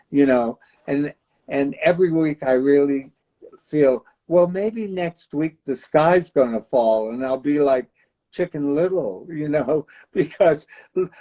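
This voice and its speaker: A man in his nineties hosts a relaxed live chat, laughing often between stories. He talks slowly, with a mellow, dark tone. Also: a little high, low-quality recording. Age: 90s. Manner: chatty, laughs often, storytelling. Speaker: host. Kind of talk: casual livestream chat.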